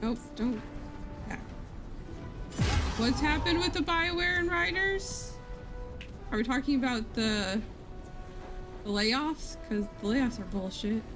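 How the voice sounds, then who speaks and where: A woman's voice: on the high side, takes it slowly, long pauses, over music. A woman live-streaming a video game, chatting casually, thinking aloud and laughing easily as she plays.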